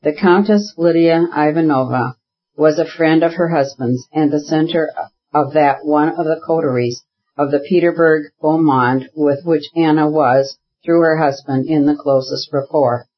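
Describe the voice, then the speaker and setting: A man narrating a classic novel as an audiobook, in a measured, even reading. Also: on the high side, lo-fi sound. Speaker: audiobook reader. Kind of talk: scripted narration.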